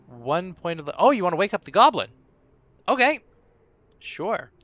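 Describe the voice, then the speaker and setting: The recording is muffled with no echo, capturing a man's high, slightly bright voice with big pitch swings. Streaming live as dungeon master, he rambles casually and talks to himself between pauses while waiting for viewers.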